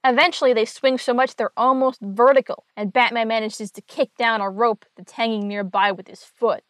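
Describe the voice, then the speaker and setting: A woman's voice: on the high side, fairly even intonation, normal speed, fairly bright tone, no room sound. Wry woman recapping a comic, dry sound. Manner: wry, dry asides and sarcasm. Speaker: podcast host recapping a comic. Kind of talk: casual comic recap narration.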